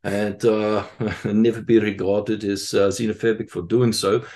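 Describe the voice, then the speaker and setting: A man's voice: lowish voice, little pitch movement, a little slow, crowd noise. A man talking as a podcast guest in casual conversation. He jokes, laughs a lot and rambles with plenty of fillers. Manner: joking, laughs often while talking.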